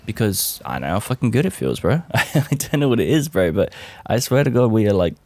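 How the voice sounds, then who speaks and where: A young man talking casually to camera, animated, swearing freely and calling the listener bro. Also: lowish voice, fairly quick, no room sound. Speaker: vlogger.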